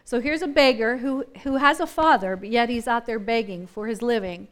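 High-voiced woman teaching Scripture. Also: moderate pace. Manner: animated, acts out scenes and voices from the story; thinks aloud with restarts and questions. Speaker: Bible study teacher. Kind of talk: conversational Bible teaching.

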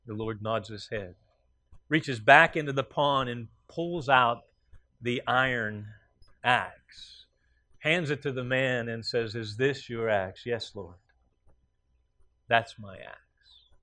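Male pastor, unhurried sermon delivery, close dry mic, storytelling cadence. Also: medium pitch, sharp tone, no room sound. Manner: storytelling with pauses and fillers, voices rising for quoted lines.

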